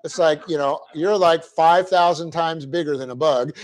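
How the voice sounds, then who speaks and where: A middle-aged man leads a Bible class in a church classroom, his voice sitting a little high for a man. He talks through grammar step by step, keeps checking that his listeners follow, and chuckles easily at his own mistakes. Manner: explanatory, often checking in with "okay?"; light-hearted, quick to laugh at himself. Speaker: Bible teacher. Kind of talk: classroom lecture on Greek grammar.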